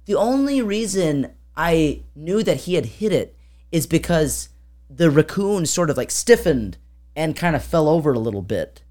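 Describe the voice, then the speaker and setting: A little slow and sing-song, her low, mellow voice carries a long story on the casual podcast she co-hosts. She rambles, uses lots of fillers, and acts out sounds.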